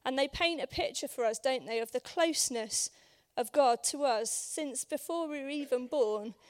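A woman with a hoarse voice preaching at a church service, talking in a conversational way with many ums and questions put to the congregation. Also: sits high, normal speed. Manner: conversational, many ums, asks the room for agreement. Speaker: guest preacher. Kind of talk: informal sermon.

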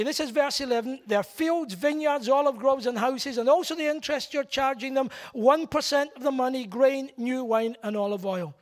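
High-voiced emphatic male preacher. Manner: emphatic, blunt, repeats key words. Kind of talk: sermon.

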